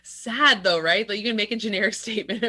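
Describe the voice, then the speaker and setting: A woman's voice: medium pitch, fast talker, pushed and bright, no room sound. A woman co-hosting a podcast in casual chat, laughing often and poking fun at herself. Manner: laughing, self-deprecating. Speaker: podcast co-host.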